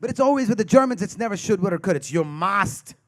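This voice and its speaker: High-voiced stand-up comedian. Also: male voice, very fast, darkish tone. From India. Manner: teasing, crowd-work banter. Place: live comedy stage.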